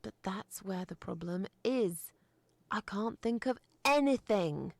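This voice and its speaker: A woman's voice: mid-range voice, expressive, slow, vocal fry, no room sound, exaggerated voice. An actress playing a reluctant, grumpy woman who dislikes babies and agrees only grudgingly. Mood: irritated. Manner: hesitant and grudging, complains.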